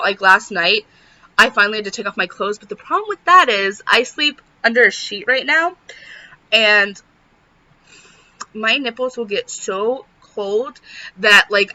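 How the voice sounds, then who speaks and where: A woman's voice: mid-range voice, sharp tone. A young pregnant woman vlogging in casual chat, rambling and saying "like" constantly. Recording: dull lo-fi sound.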